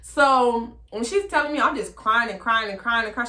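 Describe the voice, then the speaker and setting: A woman casually telling a long personal story, animated and slangy, with lots of fillers, acting out the other voices. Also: moderate pace. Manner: animated, acts out quoted voices with big pitch jumps. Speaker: storytime vlogger.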